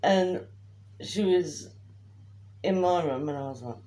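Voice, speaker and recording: A woman, co-hosting a casual chat and telling a story in an animated way, sometimes dropping to hushed asides. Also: lowish voice, slow. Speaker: podcast co-host. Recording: faint background noise.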